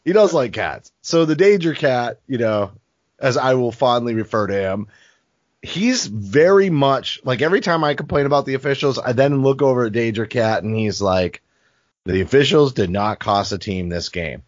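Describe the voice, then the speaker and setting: A man's voice: mid-range voice, animated, normal speed, no echo. Male co-host, blunt and profane, fired up; dry, dull lo-fi audio. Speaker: podcast co-host. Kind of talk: casual sports talk.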